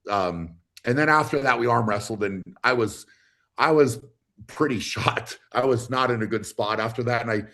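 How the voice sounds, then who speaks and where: A man talking easily as a guest on a livestream. His voice sits at an ordinary middle pitch. He speaks in a loose, halting way, full of fillers and restarts. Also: fairly bright tone. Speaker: guest athlete. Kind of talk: casual livestream chat.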